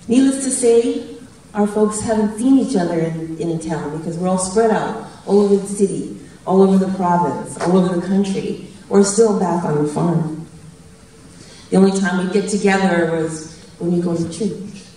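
Recorded from afar in a very echoey large event hall, a Canadian guest speaker in her fifties gives a storytelling talk full of anecdotes and laughs at her own jokes. Her voice runs low and dark at a normal speed, with a little hiss or hum in the audio.

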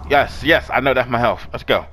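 With slight background noise and game music under him, a man of medium pitch gives brisk, sharp-toned commentary on his first run of a game. As a gaming streamer, he trash-talks, swears, gets hyped and repeats himself.

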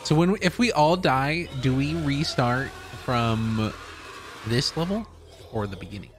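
A man's voice: medium pitch, a little slow, slight background noise. A young man streaming a game live, chatting, swearing a lot and yelping when startled. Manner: excitable, swears a lot, yelps in fright. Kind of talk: live gaming commentary.

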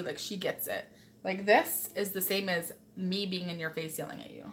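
A woman's voice: medium pitch, moderate pace, a little hiss or hum. A woman hosting a casual live stream as a mother, chatting and reading viewer comments while scolding her child. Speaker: host and mother.

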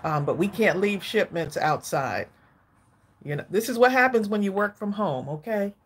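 A woman's voice: medium pitch, lively intonation, moderate pace, husky. Breathless woman hosting a craft stream. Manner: chatty, addresses viewers as y'all. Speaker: craft channel host. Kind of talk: casual live-stream chat. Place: home craft room.

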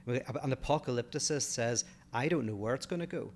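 A man with a Northern Irish accent co-hosts a casual podcast, thoughtfully working through philosophical ideas and often restarting mid-phrase. His mid-range voice moves a little fast and has a slightly mellow quality.

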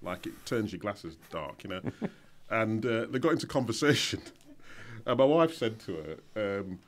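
A man's voice: on the low side, lively intonation, moderate pace. A middle-aged man guest-hosting a radio show in the studio, chatting casually, laughing often and trailing off into fillers.

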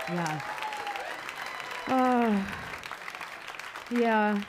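A woman's voice: medium pitch, sing-song, moderate pace, crowd noise. A woman doing live stand-up comedy on a club stage, with a brash, crude delivery and sudden jumps in her voice. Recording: live club audience and noise.

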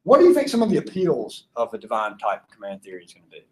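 Lively Southern-accented man teaching. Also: mid-range voice, quick pace, low-quality recording. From Georgia, US South. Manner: chatty, asks the class questions, laughs often. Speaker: philosophy teacher. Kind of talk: informal classroom lecture.

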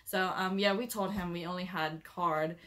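A woman's voice: fairly low pitch, fairly even intonation, moderate pace, a bit bright. A young woman vlogging in casual chat, rambling with lots of filler words as she warns viewers to be careful. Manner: chatty, rambling with many "like" and "um" fillers, giving cautionary advice. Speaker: travel vlogger.

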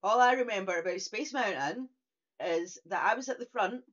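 A woman's voice: mid-range voice, moderate pace, a bit bright. A woman co-hosting a podcast, chatting animatedly and stumbling over her words now and then. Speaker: podcast co-host. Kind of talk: casual chat. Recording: dull lo-fi podcast audio.

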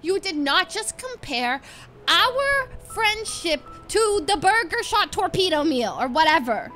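Brief: high-voiced woman, playful teasing roleplay chat, soft music behind. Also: very animated, unhurried. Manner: playful, teasing, laughs often. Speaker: roleplay streamer.

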